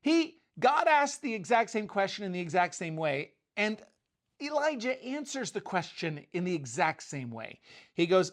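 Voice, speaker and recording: A man's voice: high voice, sing-song, moderate pace. Casual middle-aged man preaching. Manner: conversational, paraphrasing scripture loosely with many "like" and restarts. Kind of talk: casual sermon.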